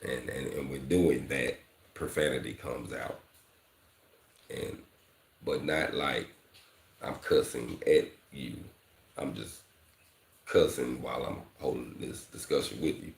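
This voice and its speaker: Male welding coach, very deep voice, speech, loose slangy vlog chat, echoey room. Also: steady tone, slow pace, vocal fry, long pauses. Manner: candid, repeats "fam" and "you know", slangy. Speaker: welding instructor. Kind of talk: casual vlog talk to viewers.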